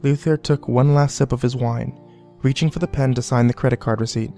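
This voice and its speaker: A man reading a scripted horror story in a measured, deliberate way. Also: medium pitch, fairly even intonation, gravelly, dark tone. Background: faint background music.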